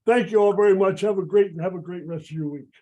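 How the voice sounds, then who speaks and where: A chatty man with a cold runs a card trick for volunteers on a video call, his voice fading as he goes. His pitch sits high for a man, while the tone stays dark and mellow. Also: low-quality recording. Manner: chatty, encouraging. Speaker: magician. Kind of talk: live magic act on a video call.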